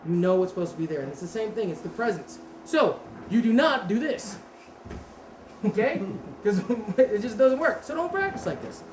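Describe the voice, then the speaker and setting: A woman's voice: mid-range voice, normal speed. Lady instructor quizzing her class, echoey room, noisy background. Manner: conversational, quizzes the class, self-correcting. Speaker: martial arts instructor. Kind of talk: hands-on seminar teaching. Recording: roomy echo with steady background noise.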